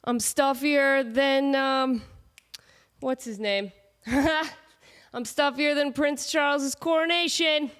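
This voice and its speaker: A woman's voice: sits high, fairly even intonation, slow pace, a bit bright. A woman with a cold and a stuffed-up voice, hosting her podcast in a jokey, sarcastic, rambling monologue. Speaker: podcast host. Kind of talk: casual comedic monologue. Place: home setup with camera on tripod.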